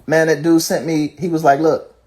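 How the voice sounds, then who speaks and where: A man's voice: fairly high pitch, flat delivery, fairly quick, a little mellow. Man ranting with fiery rhetorical questions. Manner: profane, fired-up rhetorical questions. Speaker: rapper. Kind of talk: casual rant.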